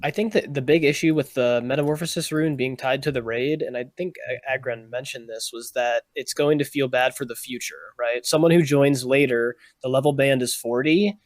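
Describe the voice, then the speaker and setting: A man speaking as a panelist on a casual gaming podcast, reasoning aloud in a measured way. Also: medium pitch, no room sound.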